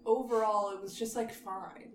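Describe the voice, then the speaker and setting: A woman's voice: mid-range voice, steady tone, normal speed, a crowd in the background. Playful woman chatting in an echoey room. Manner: playful, teasing, giggly. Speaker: podcast co-host. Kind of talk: casual movie-review chat. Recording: echoey room with faint ambience.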